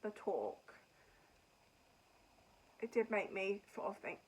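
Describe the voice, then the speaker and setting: A woman's voice: medium pitch, very animated, takes it slowly, slightly rough, rough recording. A woman hosting a knitting podcast, chatting casually and frankly about books and shows she has finished. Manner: rambling, chatty, frank opinions. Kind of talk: casual chat reviewing books and TV.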